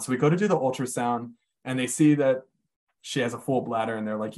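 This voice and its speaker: A man's voice: medium pitch, fast talker. Candid man telling a hard story. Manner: candid, swears freely, many "like" fillers. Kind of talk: casual storytelling chat.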